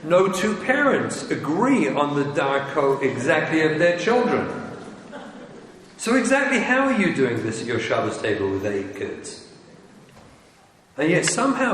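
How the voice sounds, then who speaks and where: A man's voice: fairly high pitch, very animated, unhurried, fairly bright tone. A man, a rabbi, lecturing parents in an emphatic, wry, teasing way. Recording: echoey hall with faint noise.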